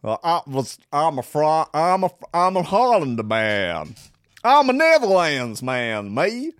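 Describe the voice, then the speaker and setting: Man doing a proud loud Dutchman, raised high above his own voice, hearty, self-satisfied. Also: very animated, measured pace, clean tone, dry recording. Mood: boastful.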